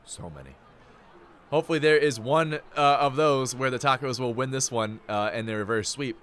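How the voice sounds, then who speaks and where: A man's voice: mid-range voice, fairly even intonation, a little fast, a bit bright, clear, resonant tone. Playful young man calling a game. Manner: playful, jokey, rambling asides. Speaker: play-by-play announcer. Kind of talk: live play-by-play commentary.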